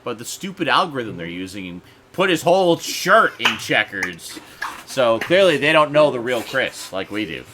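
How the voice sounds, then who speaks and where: A man hosting a casual group chat stream, animated and joking. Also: medium pitch, normal speed, noisy background. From Canada. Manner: animated, joking, lots of laughter. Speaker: stream host.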